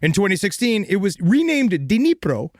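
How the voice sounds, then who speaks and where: A man's voice: high voice, very animated, moderate pace, no echo, clean studio sound. An American man hosting a comedy podcast, narrating a true crime story in a playful, theatrical way. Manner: playful, theatrical, laughs often.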